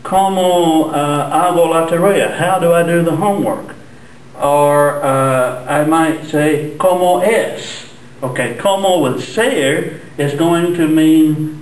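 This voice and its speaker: A man teaching a Spanish lesson at the board, explaining patiently step by step and slowing down for examples. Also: a little high, far from the mic. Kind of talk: classroom lesson at a whiteboard. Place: classroom. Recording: echoey room, voice off-mic.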